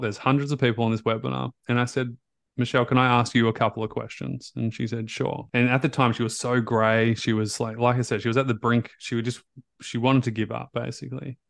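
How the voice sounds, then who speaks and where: A man hosting a podcast, telling a story in a casual, animated way, blunt and full of fillers and restarts. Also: medium pitch, a little fast, creaky, dry recording, studio quality. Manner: blunt, outspoken. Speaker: podcast host, recovery coach.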